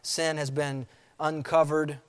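A man's voice: fairly high pitch, level tone, clean tone. Preaching man in a reverberant hall. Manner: emphatic preaching, repeats key phrases slowly. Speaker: pastor. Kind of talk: sermon.

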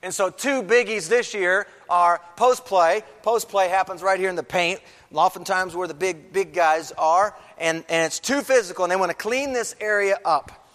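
Male pastor, slightly high voice, emphatic sermon delivery, church hall with long reverb. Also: moderate pace, a bit bright. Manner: emphatic preaching with repeated phrases. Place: church sanctuary.

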